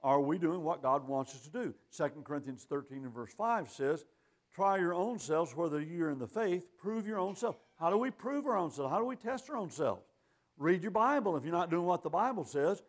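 Man, preacher, sermon, high voice, folksy, emphatic, scripture quotes. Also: big pitch swings, moderate pace.

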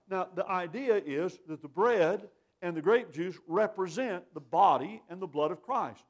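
A man's voice: high voice, expressive, normal speed. A man gives an earnest communion talk to a congregation. He speaks plainly, reads scripture aloud and repeats his points so they sink in. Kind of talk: communion meditation.

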